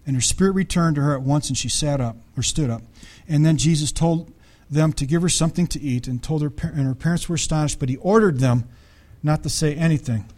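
A man's voice: fairly high pitch, a little fast, a little mellow. A man preaching a sermon, reading scripture aloud and commenting on it in a conversational way, often checking in with the congregation. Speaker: pastor.

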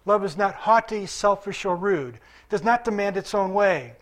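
High-voiced man preaching to a congregation. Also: normal speed, fairly bright tone. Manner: conversational preaching, quizzing the congregation. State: recovering from illness. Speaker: pastor. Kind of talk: sermon.

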